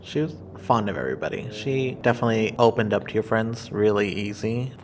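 A woman's voice: very deep voice, animated, a little hiss or hum. A woman co-hosting a casual podcast chat who teases her guest and laughs a lot. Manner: teasing, laughs a lot, quick interjections. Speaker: podcast co-host.

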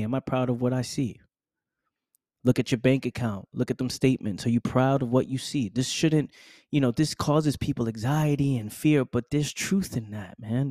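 A man's voice: mid-range voice, mellow, no echo, studio quality. A man hosting a podcast, delivering a preachy motivational monologue straight to the listener, repeating phrases and calling them "fam.". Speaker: podcast host.

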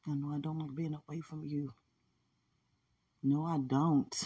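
A woman talking in a heartfelt, prayerful way about faith and love, often murmuring quiet agreement. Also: deep voice, level tone, unhurried, husky, highs cut off. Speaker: podcast speaker. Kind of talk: casual emotional talk about faith and love.

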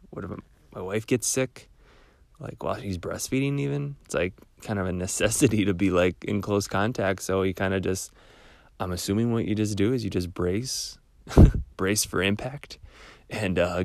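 A young man with a cold, hosting a casual solo podcast in a rambling, relaxed way with small laughs. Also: low voice, moderate pace, creaky, no room sound. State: stuffed-up cold voice. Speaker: podcast host.

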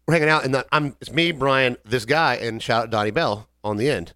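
Male podcast co-host, casual rambling storyteller, dry close mic, mid pitch. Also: a little fast, no room sound. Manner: rambling, animated storytelling with acted quotes.

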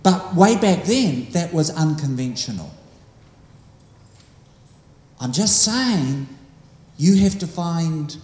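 A man's voice: medium pitch, a little mellow. Rambling man telling stories in an echoey hall. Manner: rambling, conversational, many asides. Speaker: speaker. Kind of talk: storytelling talk to a group. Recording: echoey hall, faint background noise.

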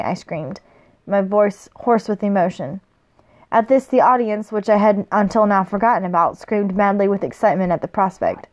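A woman reads a first-person novel aloud in a casual, unpolished way, at a medium pitch. She stumbles on a word now and then and goes back to fix it. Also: normal speed. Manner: plain reading, with slips and self-corrections. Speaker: reader.

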